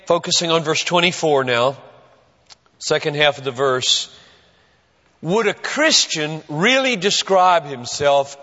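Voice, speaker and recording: This sermon comes from a male pastor whose high voice is animated and swoops up and down. He speaks with earnest emphasis and long pauses, and the muffled, dull recording carries a church sanctuary's long reverb.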